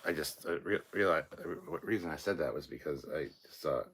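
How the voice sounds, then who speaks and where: A man's voice: very deep voice, fairly quick, a bit bright, husky. A man in his forties hosting a live stream, chatting casually and joking as he reads viewer comments aloud. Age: 40s.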